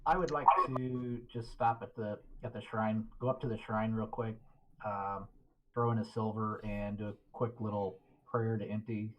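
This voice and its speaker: Low-voiced man on a dull mic. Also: fairly even intonation, normal speed. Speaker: player. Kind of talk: casual tabletop game chat. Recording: dull lo-fi mic with faint noise.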